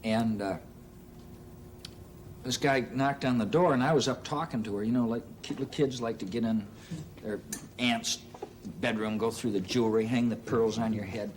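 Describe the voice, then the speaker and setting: A man telling a comic anecdote on stage in an unhurried, halting way with plenty of "uh"s. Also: mid-range voice, fairly even intonation, a little hiss or hum. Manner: unhurried, halting delivery with many "uh"s. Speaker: stand-up storyteller. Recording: live audience laughter and band music.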